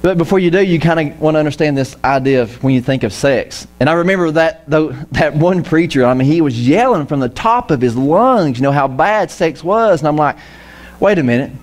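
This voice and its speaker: A man's voice: a little high, brisk, few pauses. A man preaching a casual, joking sermon in church, often acting out the voices of the people he quotes. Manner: lively, jokey, acts out quoted voices. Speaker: pastor. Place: church auditorium.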